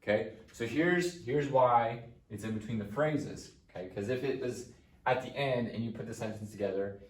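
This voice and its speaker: A man's voice: mid-range voice, moderate pace, recorded from a distance. A man teaching a Latin lesson, walking through translations patiently step by step. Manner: patient, explaining step by step with frequent "okay". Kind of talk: recorded lesson walkthrough. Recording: echoey room, voice off-mic.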